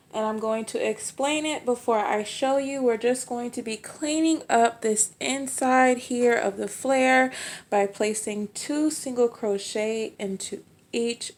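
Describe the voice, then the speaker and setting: Slow-talking woman teaching crochet. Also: a little high. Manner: patient, repeats steps slowly with fillers. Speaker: crochet tutorial host. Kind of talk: step-by-step craft tutorial.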